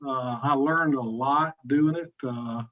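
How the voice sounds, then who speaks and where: A man's voice: medium pitch, slow, muffled recording. A man from South Carolina with a Southern accent, talking easily as a podcast guest about his career. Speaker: podcast guest, insurance agency president. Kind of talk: casual interview talk.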